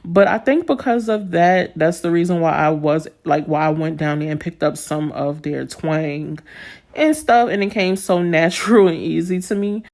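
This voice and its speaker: A woman's voice: on the low side, moderate pace, darkish tone. A young woman from New York with a slight Southern twang, chatting casually and laughing often as she does nail art for her viewers. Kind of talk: casual chat while doing nails.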